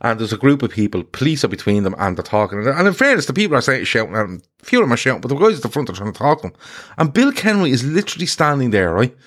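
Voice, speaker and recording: A man's voice: medium pitch, very fast. A man hosts a casual football chat show and rants his way through stories. He swears freely and drops into mocking voices for the people he quotes. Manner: swearing, animated storytelling with mocked quotes. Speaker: podcast host.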